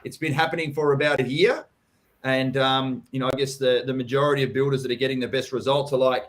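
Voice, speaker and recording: A man's voice: medium pitch, fairly even intonation, fairly quick. Blunt, sweary Australian man. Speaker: property coach hosting a live Q&A. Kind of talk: casual live-stream chat.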